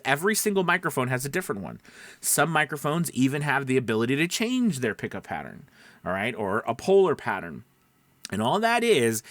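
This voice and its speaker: A man in a casual microphone tutorial, talking close into a dynamic broadcast mic with a dry, dead sound. He is animated and loose, with lots of fillers and restarts as he thinks aloud. His voice sits at an ordinary middle pitch. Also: no room sound. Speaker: voice actor coach. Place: small home room, door open.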